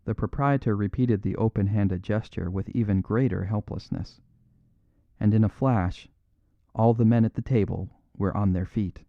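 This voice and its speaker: A man narrating a classic mystery audiobook in a measured, even storytelling manner. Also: lowish voice, no echo, dull audio.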